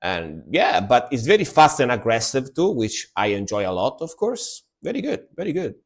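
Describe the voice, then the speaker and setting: A man's voice: mid-range voice, big pitch swings, normal speed. A man streaming music reactions, talking casually and laid back and repeating words for emphasis.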